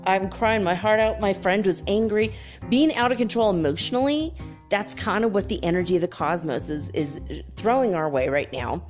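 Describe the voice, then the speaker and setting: A woman's voice: mid-range voice, normal speed, soft background music. Chatty woman in her fifties, laughing often. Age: 50s. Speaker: host. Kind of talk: casual spiritual chat.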